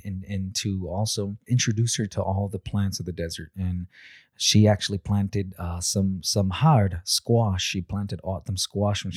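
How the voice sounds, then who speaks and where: A young father speaking in a measured way, often repeating words as he gathers his thoughts while sharing family traditions. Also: deep voice, a little mellow, no room sound, clean studio sound. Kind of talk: reflective talk.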